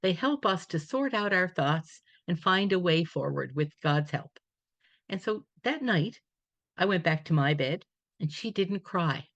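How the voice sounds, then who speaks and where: A woman's voice: fairly low pitch, expressive, a little slow, a bit bright, dry recording. A woman speaker on a webinar, telling a personal faith story in a reflective, storytelling way. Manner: reflective storytelling, quoting others in dialogue. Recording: dull dry webinar audio.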